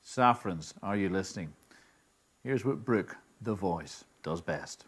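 A man hosts a broadcast interview, with a fairly low voice. He asks his guest questions in a jovial, teasing way. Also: lively intonation, takes it slowly, breathy edge. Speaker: TV presenter.

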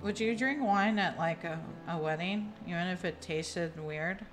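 A woman's voice: fairly low pitch, unhurried, soft background music. A woman streaming a game with friends, teasing them, laughing often and swearing. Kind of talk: casual chat while playing.

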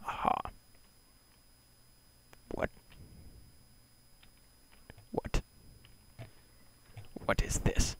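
A man talking to himself in deadpan, mock-solemn mutters and half-whispers while playing a video game. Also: low-pitched, extremely slow, vocal fry, pauses often, slight background noise, rough recording. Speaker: gamer playing a block-building game.

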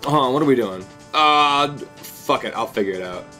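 A young man live-streaming from his room, talking loosely and swearing freely. His pitch swings widely, jumping high when something surprises him, and faint music plays underneath his voice. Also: normal speed. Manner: swearing, excitable outbursts. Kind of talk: casual live-stream chat.

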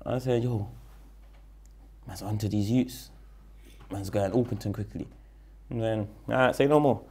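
Gravelly South London man telling a story. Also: on the low side, measured pace. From London, England. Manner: animated, slang-heavy, acts out the quoted lines. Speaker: rapper guest. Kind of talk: casual storytelling interview.

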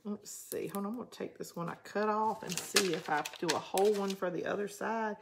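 Answering comments from viewers on her live craft stream, a Southern-drawling woman chats in a loose, rambling way. She speaks briskly in a mid-range voice with vocal fry, and there's background noise.

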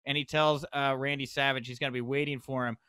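A man hosting a podcast in casual chat, recapping events with lively, excitable asides. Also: medium pitch, fast talker, clean tone, no room sound. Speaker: podcast host.

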